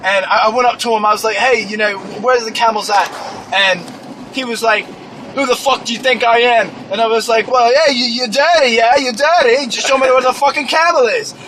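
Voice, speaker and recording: A man's voice: extremely high pitch, fairly quick, fairly bright tone, slight background noise, poor audio. A young man improvising a crude, clueless young British man who rambles, stammers and swears constantly, with a put-on British accent. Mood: boastful. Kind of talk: improvised comedy monologue.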